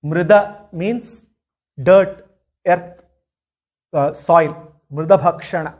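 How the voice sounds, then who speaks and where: A man's voice: on the high side, takes it slowly, a little mellow. A man, a spiritual teacher animatedly retelling a scripture story with many "you know" asides.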